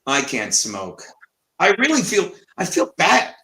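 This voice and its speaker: A man co-hosting a casual livestream chat, loud and swearing, laughing through his stories. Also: on the high side, huge pitch swings, a little slow. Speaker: co-host. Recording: echoey room.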